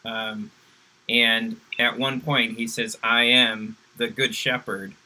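Host guy chatting casual about faith, bright crisp voice. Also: medium pitch, little pitch movement, takes it slowly, low-quality recording. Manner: casual, conversational, wry. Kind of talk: faith discussion.

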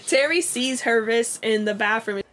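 Slightly high and a bit bright, this young podcast co-host chats her way through a TV episode recap. Her talk is peppered with "like," and she performs the characters' lines as quotes.

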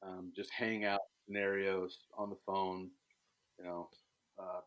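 A man's voice: flat delivery, measured pace, poor audio. Bold, direct-talking man in casual conversation. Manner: bold, direct and emphatic, with many restarts; jumps to high, loud voices when quoting others. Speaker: podcast guest, bowhunter.

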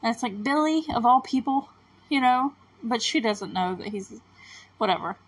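A woman's voice: fairly high pitch, expressive, moderate pace, slightly rough, poor audio. A woman hosting a TV recap podcast, talking casually and rambling with lots of filler words. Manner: chatty and rambling, full of fillers.

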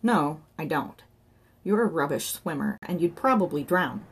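A woman's voice: low voice, lively intonation, normal speed, husky, full character voice. A woman reading an audiobook voices a hairy, mischievous imaginary male companion who needles his friend in a playful, sly manner.

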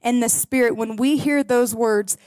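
A woman preaches to a congregation, telling stories and reading scripture in an earnest, heartfelt way. Her voice sits high and bright in pitch. The sound is dry and close, with little room echo. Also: fairly even intonation, normal speed. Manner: earnest, storytelling, prays softly. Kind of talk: sermon to a congregation. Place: in a room with a gathered audience.

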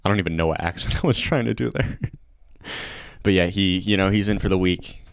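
A young man hosting a casual comedy podcast, chatty and excitable, laughing often. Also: sits low, a little fast, gravelly, no echo, clean studio sound. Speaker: podcast host.

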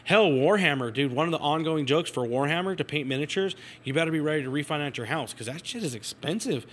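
A man's voice: fairly high pitch, lively intonation, fast talker, a bit bright. A man who runs a collectibles shop, telling profane, joking stories as a podcast guest and laughing often. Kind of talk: casual podcast chat.

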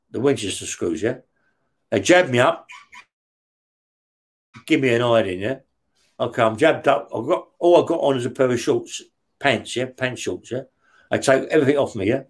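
A man, mid-pitched, telling a story in plain, coarse words. He swears all the time and keeps checking in with his listener, talking in short bursts. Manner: blunt, heavy swearing, keeps checking with "yeah?". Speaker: interview guest recounting prison life. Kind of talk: casual storytelling.

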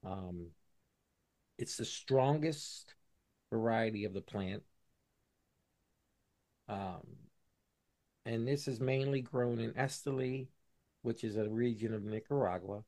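Male podcast co-host, casual explainer, halting with fillers. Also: mid-range voice, a little mellow. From Buffalo, New York. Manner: explanatory, many fillers and restarts. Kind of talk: casual chat.

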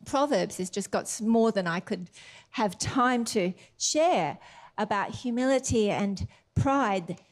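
A woman's voice: medium pitch, slow pace. A woman preaching a sermon, retelling a story expressively and then reading scripture aloud. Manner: animated, expressive storyteller, laughs often.

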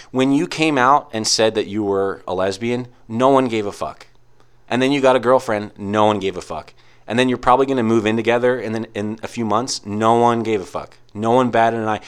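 A man's voice: lowish voice, clean tone. A young man in a casual ranting monologue, rambling with lots of "like" and frequent swearing. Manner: rambling, heavy use of "like", profane.

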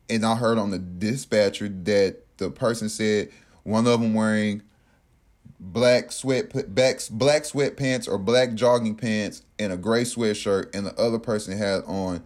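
A man casually telling a personal story in an animated, profane way, acting out what others said. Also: on the low side, measured pace. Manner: animated, profane, acts out quotes.

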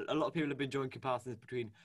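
A man co-hosting a casual fan chat, animated and gushing, with lots of fillers and restarts. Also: medium pitch, rapid-fire, dry recording, studio quality. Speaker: podcast co-host. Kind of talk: casual fan chat about a cartoon series.

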